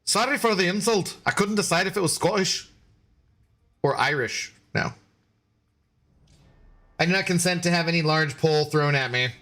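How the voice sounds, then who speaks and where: Bright, tense-voiced male gaming streamer. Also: high voice, moderate pace, long pauses. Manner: jokey banter, answering chat. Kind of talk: casual live-stream chat.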